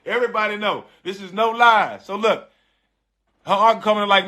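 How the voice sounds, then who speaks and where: A man's voice: sits high, normal speed, bright, forceful tone. A man, a retired pro basketball player, telling a personal story to a live audience in a casual, emphatic way, full of slang and repetition. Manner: emphatic, repetitive, street slang, addresses listeners directly.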